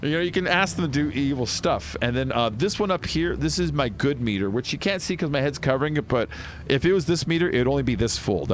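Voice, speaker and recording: A man's voice: medium pitch, expressive, fairly quick. A man commentating his video game playthrough in a rambling, joking way, laughing often. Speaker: gaming streamer. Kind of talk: let's play commentary.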